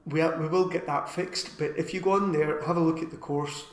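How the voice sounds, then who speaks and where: Chatty man with a higher voice in an echoey room. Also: fairly even intonation. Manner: chatty, rambling, with filler pauses. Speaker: live stream co-host. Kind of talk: casual live stream chat.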